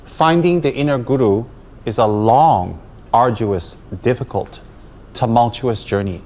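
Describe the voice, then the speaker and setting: A man's voice: mid-range voice, unhurried, darkish tone, slight background noise. A man, a Buddhist teacher, giving a dharma talk to students, emphatic and full of rhetorical questions.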